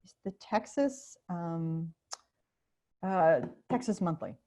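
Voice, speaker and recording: A woman professor answering teachers' questions in an informal online Q&A, chatty and animated, with many fillers and restarts, speaking over a video call. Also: on the low side, takes it slowly.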